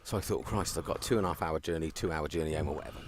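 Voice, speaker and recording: A man's voice: extremely low pitch, racing, slight background noise. A man commentating on a live cricket stream, chatting casually and telling a story with frequent laughter. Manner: animated storyteller, laughs often.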